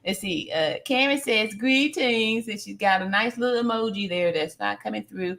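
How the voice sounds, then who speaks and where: A woman's voice: mid-range voice, normal speed, gravelly, fairly bright tone. A woman hosting a casual live stream, reading viewer comments aloud and repeating phrases for emphasis, with plenty of fillers.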